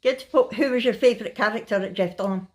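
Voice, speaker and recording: A woman's voice: mid-range voice, quick pace, slight background noise. A worn-out Scottish woman talks casually to her camera while lying in bed at home. Her voice sits in a middle range, and her chat runs easy and friendly, broken often by laughter. She is a middle-aged family vlogger catching up with her viewers. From Scotland. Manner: chatty, laughs often, tired and relaxed. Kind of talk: casual chatty vlog.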